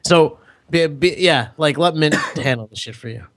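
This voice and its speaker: A man co-hosting a podcast, chatting casually in a slightly high voice and dropping wry asides. He talks in an easy, offhand way. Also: moderate pace, a bit bright. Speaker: podcast co-host.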